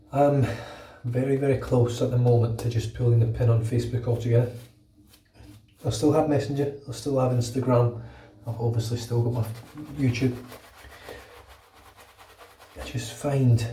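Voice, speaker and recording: A man's voice: medium pitch, dark tone, echoey room, recorded from a distance, slight background noise. British bloke rambling and swearing while he shaves, kinda stuffy with a cold, sounds off-mic in a tiled room. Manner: chatty, swears freely, rambling. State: under the weather with a cold. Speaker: shaving vlogger. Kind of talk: casual vlog talk while shaving. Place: bathroom at home.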